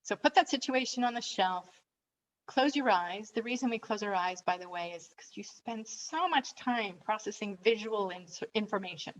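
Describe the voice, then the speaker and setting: A woman coach leading a calm guided relaxation and breathing exercise, giving gentle step-by-step instructions. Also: mid-range voice, normal speed, a little hiss or hum, poor audio.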